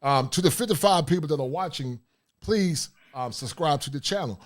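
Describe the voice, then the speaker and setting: A man's voice: a little high, expressive, moderate pace. A man hosting a casual livestream, talking bluntly in a preachy, streetwise way. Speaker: livestream host.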